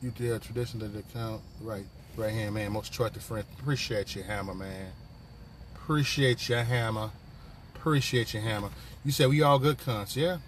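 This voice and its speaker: A man's voice: fairly low pitch, moderate pace, slight background noise. A man hosting a casual live stream from his phone, talking loosely in profane, rambling banter with viewers. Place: on a work break, vehicle sounds nearby.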